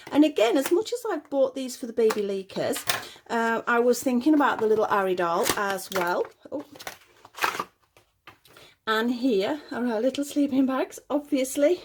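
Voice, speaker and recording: A woman's voice: a little high, lively intonation, a little slow, background noise. A woman chatting casually at home as she unboxes little dolls, cooing over the tiny details. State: a bit out of breath. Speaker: doll collector unboxing dolls. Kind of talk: casual unboxing chat to camera.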